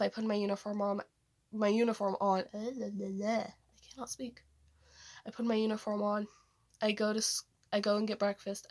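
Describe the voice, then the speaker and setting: A teenage girl recounts a vivid dream in a casual, rambling vlog. She corrects herself often and leans on fillers as she goes. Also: mid-range voice. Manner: rambling, many fillers and restarts. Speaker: vlogger.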